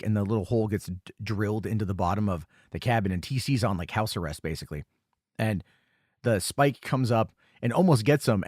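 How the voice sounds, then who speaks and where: With a mid-range, darkish voice captured in clean studio quality with no echo, a man hosts a film commentary podcast. He recaps the plot loosely and ramblingly, using lots of fillers and correcting himself often.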